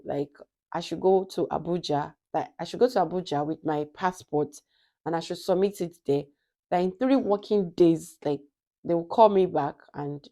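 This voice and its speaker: Nigerian woman, young adult vlogger, low warm voice, animated storyteller who acts out the dialogue. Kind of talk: casual storytelling.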